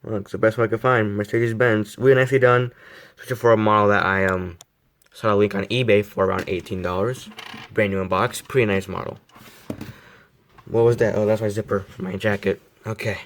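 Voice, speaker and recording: A man's voice: fairly low pitch, steady tone, fairly quick, a bit bright, slight background noise. A teenage boy casually reviewing a model car, rambling and self-deprecating, with many fillers and restarts. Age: teens.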